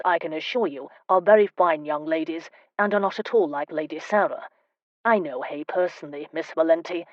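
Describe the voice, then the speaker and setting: A woman narrator voicing a proper, earnest male diplomat in an audiobook, in a measured, reasoning way. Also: on the low side, dry recording, lo-fi sound. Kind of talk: audiobook character voice.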